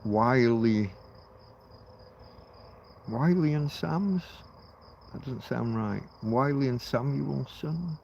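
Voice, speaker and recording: A man's voice: medium pitch, very slow, creaky, long pauses, a little mellow, dull audio, slight background noise. A middle-aged man hosting a casual livestream outdoors at night. He rambles, muses aloud and swears offhandedly. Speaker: livestream host.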